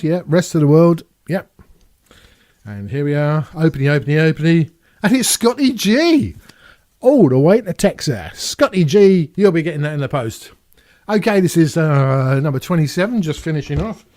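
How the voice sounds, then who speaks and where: Man, 50s, from England, vlog host; rambling self-mocking chatter, slightly high voice, close dry mic. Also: very animated, moderate pace, darkish tone, dry recording. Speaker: YouTube channel host. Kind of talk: casual Q&A vlog. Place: small home studio in France.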